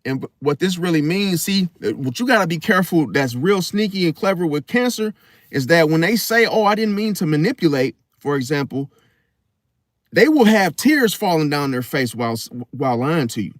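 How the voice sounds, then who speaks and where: A man's voice: a little high, sing-song, normal speed, no room sound, clean studio sound. A young man giving a blunt, emphatic casual monologue about astrology, often stopping and restarting. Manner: emphatic, repeats "see?", blunt and profane; stop-start restarts. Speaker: astrology commentator.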